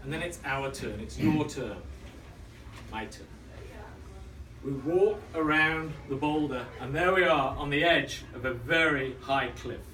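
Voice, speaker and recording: A man in his thirties giving a storytelling speech, dramatic and dropping to a hush for tension. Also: a little high, measured pace, a little hiss or hum. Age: 30s. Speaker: club speaker. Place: function room. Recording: echoey room, mic at a distance, faint ambience.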